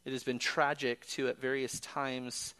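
A man's voice: medium pitch, flat delivery, a little slow, bright, forceful tone, clean tone. A man preaching a sermon in an earnest way, quoting scripture and building to emphatic peaks.

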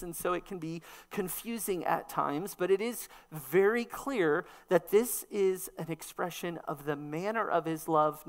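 Woman preaching an emphatic sermon. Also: fairly low pitch. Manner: emphatic teaching, rhetorical questions.

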